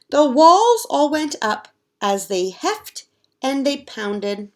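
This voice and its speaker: A woman's voice: sits high, big pitch swings, takes it slowly. A woman teacher reading a picture book aloud to children and asking them questions as she goes. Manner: asks the children questions directly. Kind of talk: children's read-aloud lesson.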